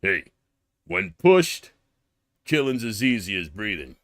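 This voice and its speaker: A man putting on the voice of a gruff, intense action-movie hero who shouts in strained, high bursts. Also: big pitch swings, slow, dry recording, clean studio sound, exaggerated voice. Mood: frantic.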